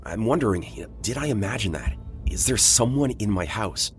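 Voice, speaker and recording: A man's voice: on the low side, lively intonation, a little fast, soft background music. A man reading a first-person horror story aloud in a casual, conversational way, with blunt swearing. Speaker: voice actor narrating a listener's story.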